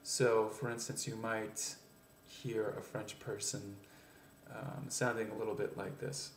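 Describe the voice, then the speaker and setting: A man's voice: on the low side, flat delivery, slight background noise. Man explaining accent sounds, echoey room. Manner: explanatory, with frequent "um" pauses and demonstrations. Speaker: accent reduction coach. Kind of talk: instructional video lesson. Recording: echoey room, faint ambience.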